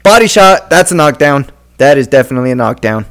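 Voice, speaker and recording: A man casually watching an old boxing match with a friend, cursing a lot and breaking into loud excited shouts. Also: medium pitch, fast. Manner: excitable, bursts into loud yells and mocking put-on voices. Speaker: co-commentator watching a boxing fight. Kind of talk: casual profane fight watch-along.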